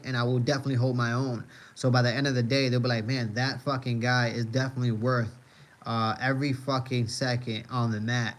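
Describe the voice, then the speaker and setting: A man's voice: medium pitch, fairly bright tone. A man live streaming and reading his chat, talking loosely and profanely with many fillers and repeated asides. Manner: rambling, heavy on "uh" and "you know what I mean"; laid-back, profane, joking.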